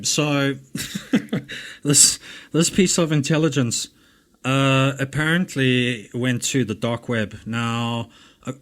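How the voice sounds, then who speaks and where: A man's voice: mid-range voice, a bit bright. Swearing South African man ranting. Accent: English-speaking South African. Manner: angry, swearing, mocking rants. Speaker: host reacting to a recording. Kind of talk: profane reaction commentary.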